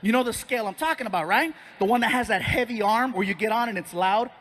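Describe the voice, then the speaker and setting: A male stand-up comedian telling an animated story on stage and acting out other people's voices. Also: high voice, fast talker, noisy background.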